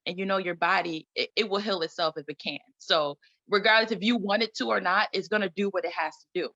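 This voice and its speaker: A woman's voice: medium pitch, quick pace, pushed and bright, muffled recording. A woman guest in a conversational interview, talking emphatically, repeating herself and laughing often. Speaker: guest, trauma recovery coach and community founder.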